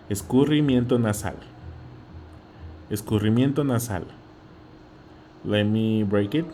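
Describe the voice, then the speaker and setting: Casting: male Spanish tutor with a Mexican accent, slow and patient, warm low tone, faint room hum. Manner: patient, repeats each word, says okay often. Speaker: Spanish teacher. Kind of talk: slow vocabulary lesson.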